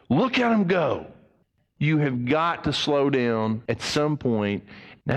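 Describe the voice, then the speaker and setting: A man preaching a sermon as a pastor, emphatic, his voice swinging between raised and hushed passages. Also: a little high, big-room sound.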